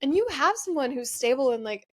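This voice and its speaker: A woman's voice: high-pitched, animated, brisk. A young woman in her twenties hosting a podcast, telling a personal story into a microphone in a chatty, emotional way, full of "like" and restarts. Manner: chatty, filler-heavy, emotional, frequent "like". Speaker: podcast host. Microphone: studio microphone.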